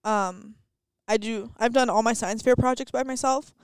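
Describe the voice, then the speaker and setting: A teenage girl with a fairly high, very clean voice chats on a homemade podcast. She rambles through stories and slips into put-on voices. The sound is close and dry. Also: moderate pace, smooth, no room sound. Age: teens. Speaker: podcast co-host. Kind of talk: casual chat. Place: classroom.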